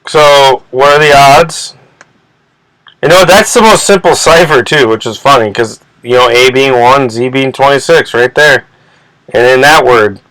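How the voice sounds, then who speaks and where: A man rants on his own channel in a profane, rambling way, tripping over repeated words as his indignation builds. His voice sits in an ordinary middle pitch. The sound is dry and close, with no room echo. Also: unhurried, fairly bright tone. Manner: agitated, indignant. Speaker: channel host. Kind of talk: ranting commentary video.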